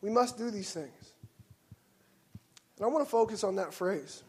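High-voiced preaching man, passionate. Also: expressive, measured pace. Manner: passionate preaching, swings from hushed to loud exclamations. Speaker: pastor. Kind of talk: sermon. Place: church sanctuary.

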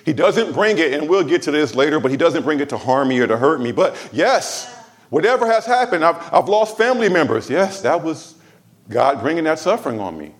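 Preaching in church, a Los Angeles pastor uses a somewhat high, sing-song voice that swings widely up and down at a brisk clip. He addresses the congregation loosely and conversationally, weaving humor and side remarks into his sermon.

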